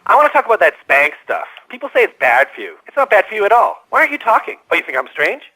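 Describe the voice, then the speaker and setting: A man's voice: high-pitched, wildly swooping pitch, rapid-fire, pushed and bright, exaggerated voice, poor audio. An actor voicing a paranoid, erratic male caller who rants about conspiracies and snaps at the host.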